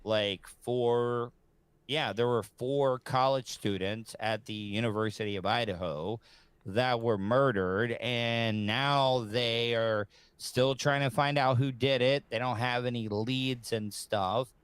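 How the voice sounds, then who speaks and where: Slow, smooth-voiced podcast host man. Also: mid-range voice, fairly even intonation, dry recording. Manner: hesitant, measured, loose phrasing. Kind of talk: podcast interview.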